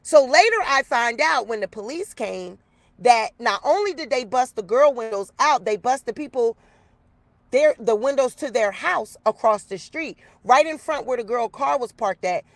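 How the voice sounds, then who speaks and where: A chatty woman, a YouTuber, talks her viewers through a story in a lively, casual way from outdoors. Her voice sits a little high. The sound is close and dry, with no room around it. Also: moderate pace, no room sound. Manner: chatty, animated storyteller addressing viewers as y'all. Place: outdoors in the rain.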